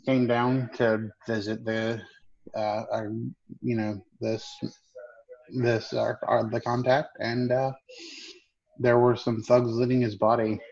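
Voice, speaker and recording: A man voicing a shrewd adult woman smuggler, speaking in a hesitant, measured way. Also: medium pitch, flat delivery, gravelly, darkish tone, lo-fi sound. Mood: calm.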